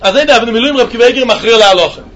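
A man teaching a Talmud lesson in a yeshiva style, with an animated singsong delivery. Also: extremely high pitch, rapid-fire. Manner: animated singsong, mixing Yiddish and Hebrew terms.

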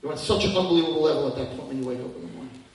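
A man in his fifties giving a lively religious talk, swinging from hushed tones to near-shouting. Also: a little high, racing. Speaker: religious teacher. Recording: echoey hall from far off.

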